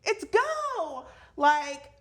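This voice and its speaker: A woman teaching a children's phonics lesson, cheerful and clearly enunciating each word for young learners. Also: extremely high pitch, big pitch swings, drawn-out words, slight background noise.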